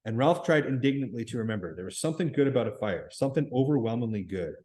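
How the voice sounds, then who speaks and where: A man reading a novel aloud at a steady pace, with occasional small stumbles and restarts. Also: mid-range voice, fast, poor audio. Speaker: reader.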